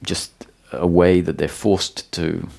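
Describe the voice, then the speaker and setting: A man with a deep, gravelly voice speaks as a spiritual teacher at a satsang. He explains ideas slowly and calmly, pausing and restarting as he searches for the right words. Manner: calm, explanatory, with frequent pauses and restarts. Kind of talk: satsang talk.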